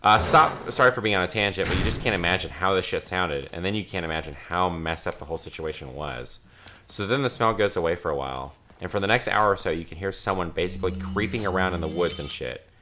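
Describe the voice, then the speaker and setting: A man with a low, deep voice reads a creepy story aloud to his friends while they play a game. His delivery is casual and loose, full of swearing and the odd laugh. The recording carries a clear layer of background noise. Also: quick pace, sharp tone. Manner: casual, swears freely, laughs between lines. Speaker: let's play commentator. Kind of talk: reading a creepy story aloud during gameplay.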